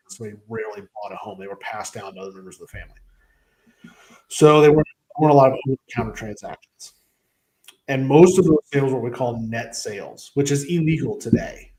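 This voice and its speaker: A man's voice: medium pitch, a little mellow, low-quality recording. A man, co-hosting a talk show and explaining step by step in a casual way. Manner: explains history step by step, acts out dialogue. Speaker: co-host.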